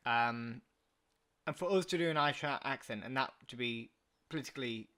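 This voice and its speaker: A young man co-hosting a podcast, arguing his points in casual chat and getting louder and higher when he pushes back. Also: brisk. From England. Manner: argumentative, rising in pitch and volume when pressing a point. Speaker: podcast co-host.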